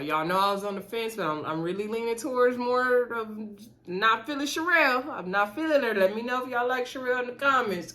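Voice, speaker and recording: A woman's voice: fairly high pitch, a bit bright. Woman host, casual recap chat, gossipy, acts out the quotes. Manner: chatty, addresses viewers as y'all, acts out quotes.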